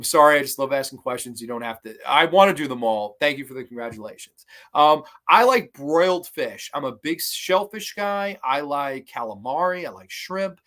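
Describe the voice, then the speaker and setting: A man hosting a live horror channel stream, answering viewer questions in a relaxed, rambling way with many ums, restarts and the odd swear word. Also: mid-range voice.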